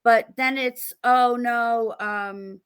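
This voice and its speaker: A middle-aged woman, a guest author on a podcast, tells stories in a lively, laughing way and acts out the people she quotes. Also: a little high, extremely slow, clean tone. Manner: animated, laughing storyteller acting out quotes. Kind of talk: casual interview storytelling.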